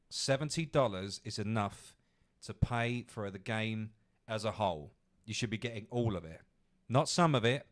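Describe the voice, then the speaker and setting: A man hosting a podcast, ranting angrily with lots of swearing. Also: mid-range voice. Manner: angry, profane ranting. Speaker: podcast host. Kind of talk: ranting commentary.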